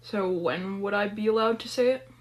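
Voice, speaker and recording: A woman's voice: mid-range voice, moderate pace, close to an everyday voice. A woman voicing a proud, stubborn rich male boss laid up in bed, curt, formal and dismissive. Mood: teasing. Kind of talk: dramatic story reading.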